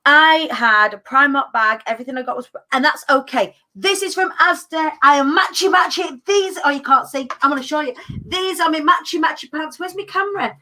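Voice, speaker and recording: A woman in her thirties hosts a relaxed conversation with a noticeably high voice. She talks in a quick, chatty flow and acts out what other people said to her. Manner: chatty, animated storyteller acting out quotes. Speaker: podcast host. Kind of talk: casual chat.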